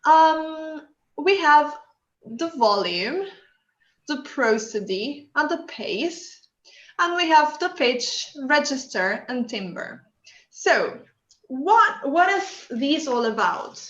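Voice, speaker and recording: Higher female instructor, Spanish native speaking English, roomy lo-fi video call. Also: sing-song, slow pace, fairly bright tone. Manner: encouraging, asks the group questions. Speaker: workshop instructor. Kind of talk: online workshop teaching. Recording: echoey room, dull lo-fi audio.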